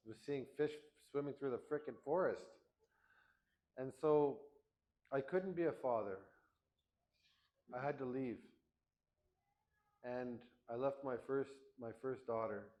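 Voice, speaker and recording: A man's voice: mid-range voice, slow, pauses often, darkish tone, poor audio. A middle-aged man from Canada, plain-spoken and candid, telling a personal story to an audience. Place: event hall.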